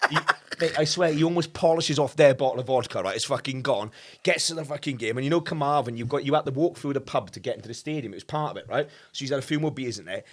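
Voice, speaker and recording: A man with a South Welsh accent, co-hosting a podcast and telling animated, sweary anecdotes over casual pub chat. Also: medium pitch, fast. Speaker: podcast co-host.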